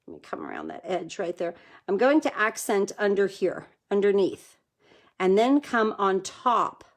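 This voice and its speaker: A woman's voice: mid-range voice, big pitch swings, measured pace. Woman, crafting demonstrator on a live stream, chatty and enthusiastic, talks viewers through each step. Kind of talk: live card-making demo.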